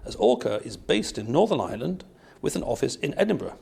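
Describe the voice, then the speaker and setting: Wry gravelly-voiced male podcast host. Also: medium pitch, big pitch swings, a little fast, a little mellow. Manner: wry, discursive, musing aloud. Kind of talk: scripted intro then casual interview chat. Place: meeting room in London.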